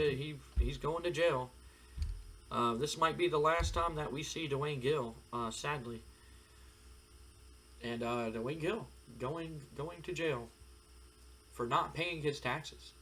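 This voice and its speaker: A man's voice: medium pitch, fairly bright tone, a little hiss or hum. A man narrating a wrestling simulation playthrough in a rambling, filler-heavy way. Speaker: game commentator. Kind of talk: let's-play narration of a wrestling sim.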